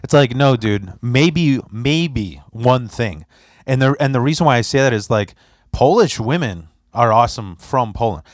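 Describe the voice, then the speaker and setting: A young man hosts a podcast in a casual, rambling way, cursing freely as he tells stories. His pitch sits in the middle of the range. The recording is dry and close, with no room sound. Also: expressive, normal speed, no room sound. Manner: loose, rambling, profane storytelling with put-on voices. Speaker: podcast host.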